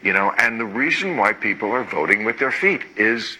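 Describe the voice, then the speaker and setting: Male talk show host, comic and sarcastic, lively pitch. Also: normal speed, breathy edge, rough recording. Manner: sarcastic, punchy, swearing for emphasis. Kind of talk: comic political commentary.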